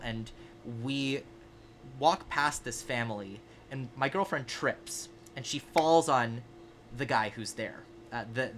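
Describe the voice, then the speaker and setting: Bright-voiced young man telling stories. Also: mid-range voice, slight background noise. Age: 20s. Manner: animated, self-mocking anecdote teller. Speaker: podcast co-host. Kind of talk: casual chat, storytelling.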